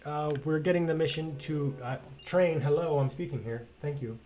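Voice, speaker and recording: A man's voice: fairly high pitch, moderate pace, few pauses, warm tone. Chatty, blunt male game streamer. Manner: chatty and blunt, swears freely, rambling asides. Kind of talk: casual let's-play commentary.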